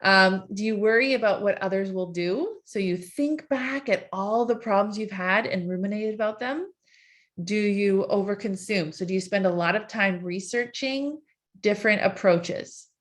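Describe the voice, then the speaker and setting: A woman's voice: medium pitch, moderate pace. A woman life coach leading a live online session, asking repeated coaxing questions in a conversational way.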